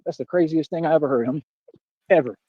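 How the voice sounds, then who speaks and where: A man rants in a livestream monologue, bragging, confronting, and challenging his critics while repeating "what are you talking about." His fairly high voice is quick and dark in tone, with no echo and the highs cut off.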